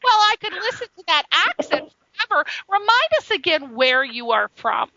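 A woman hosting a radio show, chatty and effusive, who has a cold and is low on energy. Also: big pitch swings, normal speed, heavy background noise. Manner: chatty and effusive, laughs often. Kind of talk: casual radio interview. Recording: muffled, dull sound.

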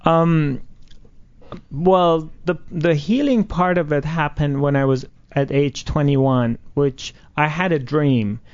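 A man in his fifties, a spiritual healer being interviewed, speaking slowly and earnestly with many pauses and fillers. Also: fairly high pitch, darkish tone. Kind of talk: interview answers. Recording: dull lo-fi recording.

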